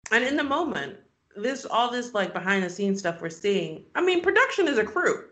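A woman's voice: medium pitch, sing-song, normal speed, a bit bright. A woman co-hosting a casual chat, adding wry comments. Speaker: podcast co-host.

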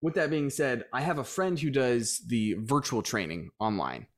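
A man's voice: medium pitch, normal speed. A man guest in a casual interview, telling stories and acting out the lines of the people in them. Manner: animated storyteller, acts out quoted dialogue. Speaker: gym owner guest.

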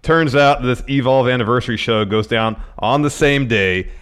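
A man co-hosting a casual podcast, reading news items aloud and ranting with animated frustration. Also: mid-range voice, normal speed, clean tone. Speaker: podcast co-host. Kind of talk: casual wrestling news chat.

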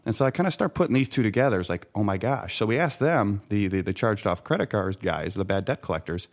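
A man's voice: fairly low pitch, fast talker, hardly any pauses. A middle-aged man telling a story in conversation, acting out what others said and restarting his sentences often. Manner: animated anecdote teller, acts out quoted voices, many restarts. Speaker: guest, former bank sales desk worker.

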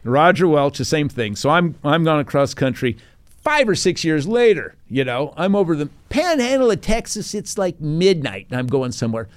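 An older man, a retired Navy captain, tells stories in a podcast interview with a slightly high voice at a moderate pace. He's an animated storyteller who acts out quotes and laughs often.

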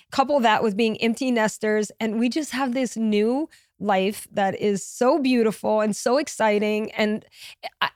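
A woman's voice: on the high side, smooth, no echo, clean studio sound. A woman from Louisiana, a podcast guest, speaking in an earnest, heartfelt way in candid conversation. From Louisiana, USA. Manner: earnest, heartfelt, uses "like" often.

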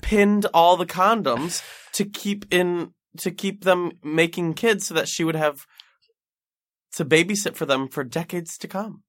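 A young man co-hosting a podcast in casual comedic chat, teasing, reacting fast and laughing often. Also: high-pitched, no echo, studio quality. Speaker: podcast co-host.

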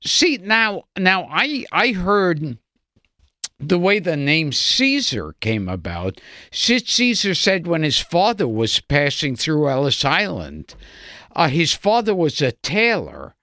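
A man co-hosting a podcast, telling a comic anecdote deliberately. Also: on the high side, wildly swooping pitch, sharp tone, no echo, clean studio sound. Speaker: podcast co-host. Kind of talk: casual podcast chat.

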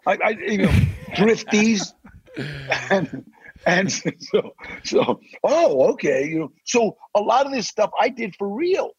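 An older man, a podcast guest, telling animated stories in a casual interview and acting out the voices he quotes. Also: high voice, slow, no room sound. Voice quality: gravelly, husky. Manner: animated, acts out quoted voices, growls threats. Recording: dry, slightly dull sound.

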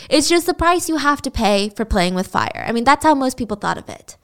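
A woman's voice: high voice, sing-song, fairly quick, a bit bright. A woman podcast host telling a story in a chatty, casual way. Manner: chatty, laughs while telling.

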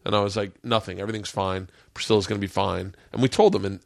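A man's voice: on the low side, steady tone, fast, gravelly, no echo, clean studio sound. A middle-aged man hosting a podcast, chatting casually and rambling through a family story. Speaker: podcast host. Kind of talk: casual chat.

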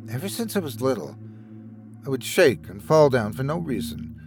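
A man's voice: medium pitch, very animated, normal speed, a little mellow. Man doing a small scared kid voice for a hidden asylum patient, whimpery, music playing under. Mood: timid, sad. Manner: timid, whimpering.

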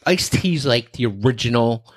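A man co-hosting a podcast in casual chat, animated and swearing freely. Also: medium pitch, moderate pace, breathy edge. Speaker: podcast co-host.

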